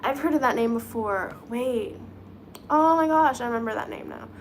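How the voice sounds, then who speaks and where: A woman hosting a casual live stream, chatting and giggling while she does her nails and thinks out loud. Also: a little high, brisk, slight background noise. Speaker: livestream host reading chat.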